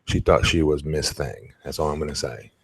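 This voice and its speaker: Blunt low-voiced former wrestler. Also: male voice, moderate pace, gravelly, breathy edge. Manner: blunt, opinionated, exclamatory. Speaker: former wrestler, podcast co-host. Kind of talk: casual podcast chat.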